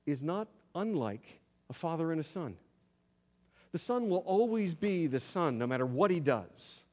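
Preaching man in a reverberant sanctuary. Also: a little high. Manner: animated storytelling, swings between loud emphasis and quiet asides. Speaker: pastor. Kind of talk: sermon. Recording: long hall reverb.

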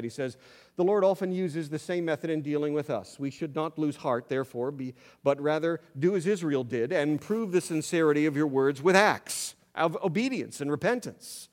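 A pastor with a voice on the high side delivers a sermon in a reverberant sanctuary with long hall reverb. He tells stories animatedly, swinging between loud emphasis and quiet asides.

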